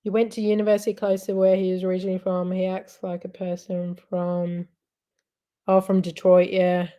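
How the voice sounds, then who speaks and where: A woman's voice: lowish voice, completely flat delivery, normal speed, mellow. A woman hosting a casual live chat, rambling and giggling as she talks. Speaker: livestream host.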